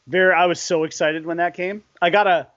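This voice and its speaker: A man co-hosting a live stream in a somewhat high voice, chatting casually and getting excited over his collectibles. He laughs easily and leaves sentences unfinished. The audio is dull and lo-fi, like a webcam mic. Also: fairly quick, no echo. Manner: excitable, laughs often, trails off mid-sentence. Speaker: co-host of a live stream show.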